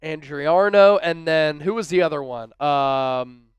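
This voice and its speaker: A man's voice: fairly high pitch, measured pace, clean tone, no room sound. A man hosting a live fan-channel football stream, breaking down the game and reading viewer super chats aloud with hype. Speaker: sports livestream host. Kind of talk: live fan-show commentary and chat shout-outs.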